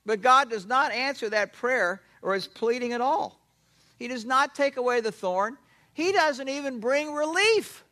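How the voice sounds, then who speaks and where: A man preaching a sermon, animated and emphatic, asking questions and answering them himself. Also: very high-pitched, unhurried. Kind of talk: expository sermon.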